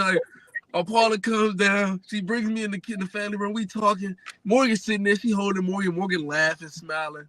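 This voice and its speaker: A young adult man telling a family story in a casual, animated way, full of fillers. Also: sits high. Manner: lively, animated retelling with many fillers. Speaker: guest sharing family story.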